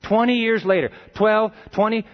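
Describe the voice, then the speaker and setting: A man delivers a sermon in a lively, conversational style, frequently posing questions to his listeners. His voice is high and moves at a normal speed. The recording sounds dull and muffled.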